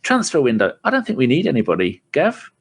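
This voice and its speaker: A man's voice: mid-range voice, huge pitch swings, fast, husky. A man from England hosting a casual football podcast, laid-back, laughing often and steering between topics. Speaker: podcast host.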